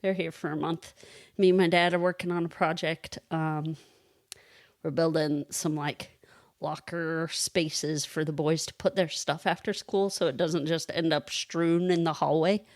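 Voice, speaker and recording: A woman's voice: low voice, steady tone, unhurried, no echo, clean studio sound. A woman co-hosting a podcast, chatting casually and telling stories with frequent laughs. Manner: chatty storyteller who laughs often. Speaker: podcast co-host and kindergarten reading teacher. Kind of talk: casual chat.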